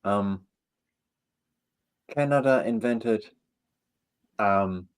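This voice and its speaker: A man in casual chat with friends, talking hesitantly with many pauses and ums. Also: on the low side, smooth.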